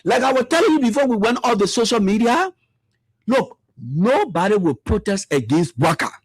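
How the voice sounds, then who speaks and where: Male commentator, high husky voice, dry close sound, impassioned and repetitive. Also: very animated, moderate pace, no room sound. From Liberia. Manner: fiery, repetitive, rhetorical questions. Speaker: political commentator.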